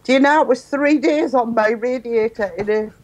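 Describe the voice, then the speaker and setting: A woman's voice: fairly high pitch, moderate pace. A woman co-hosting a casual live webcast, chipping in with dry, teasing remarks. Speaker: co-host.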